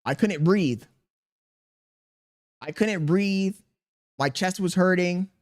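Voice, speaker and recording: Male streamer in his thirties, a touch high-pitched, reads chat and vents, defensive and exasperated. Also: slow. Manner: exasperated, defensive venting with slang. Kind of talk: live-stream chat reading.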